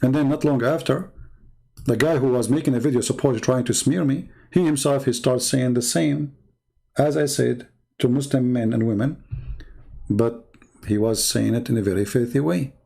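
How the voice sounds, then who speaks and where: A man's voice: mid-range voice, moderate pace, vocal fry, dark tone. A man hosting a livestream, talking in a blunt, combative and repetitive way. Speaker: host. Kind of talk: livestream commentary.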